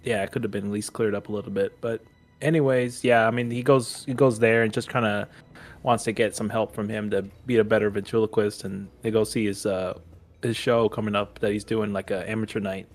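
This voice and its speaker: A man co-hosting a podcast in casual chat, talking in a relaxed, hedging way. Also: fairly low pitch, brisk. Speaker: podcast co-host.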